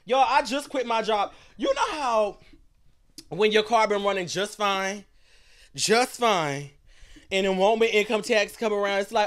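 A young man chatting on a livestream in a dramatic, animated way, talking straight to his viewers. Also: sits high, unhurried. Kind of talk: casual livestream chat.

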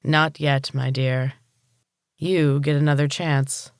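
A cruel man who runs a gym speaks in slow, deliberate, menacing tones, voiced by a storybook narrator. The pitch sits in the middle range. The recording is close and dry, with no room sound. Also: level tone, clean tone, dry recording. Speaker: villain. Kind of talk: audiobook character reading.

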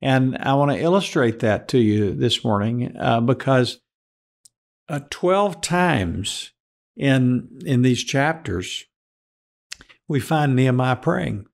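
Male preacher, gravelly tone, earnest, questions the congregation directly. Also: mid-range voice, expressive, takes it slowly. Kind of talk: sermon.

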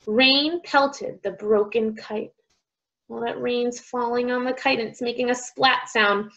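A woman speech teacher reading a picture book aloud to young children, sounding out words slowly and with exaggeration. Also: on the high side, steady tone, a bit bright, lo-fi sound.

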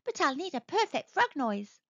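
A woman voicing an eager little male tadpole in a read-aloud storybook, high and excited. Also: moderate pace, gravelly, dry recording, heavily acted. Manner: excited, high-pitched squeaky. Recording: dry, slightly dull recording.

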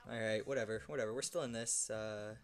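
Excitable young man on gameplay commentary. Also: fairly low pitch, fast, soft background music. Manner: excitable, swears, shouts at wins and losses. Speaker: gaming YouTuber.

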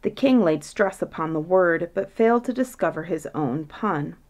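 A woman narrating a bedtime fairytale in a measured, gentle reading voice. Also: on the low side, lively intonation. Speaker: storyteller.

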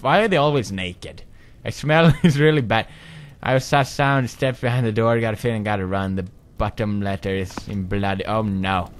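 A man giving goofy, jumpy commentary as he plays a horror game, with sudden loud outbursts. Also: mid-range voice, a little slow, a little hiss or hum. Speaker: gaming commentator.

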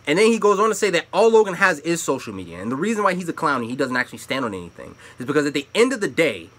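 A young man hosting his own opinion commentary channel, ranting with profanity and swinging between loud outbursts and low asides. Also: big pitch swings, rapid-fire.

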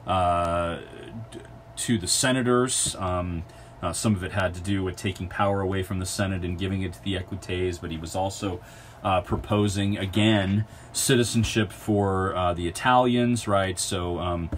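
A man's voice: sits low, fairly even intonation, moderate pace, slight background noise. A man lecturing on history in an unscripted way, full of ums and uhs and self-corrections. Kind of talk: recorded college lecture.

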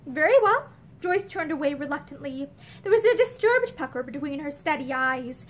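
A woman reading a novel aloud in an expressive, measured way, recorded indoors in a room with bookshelves. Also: high-pitched. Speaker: reader.

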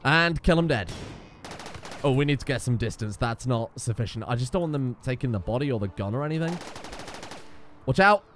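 A man's voice: medium pitch, lively intonation, fairly quick, pauses often, fairly bright tone, slight background noise. Exasperated man commentating a game. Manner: exasperated, sarcastic, swears often. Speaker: gaming YouTuber. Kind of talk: let's play commentary.

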